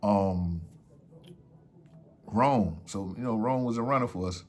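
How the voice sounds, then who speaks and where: A man's voice: on the low side, takes it slowly. A man telling a story from his past in casual street slang, acting out what others said in raised voices. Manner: animated, acts out quotes in raised voices.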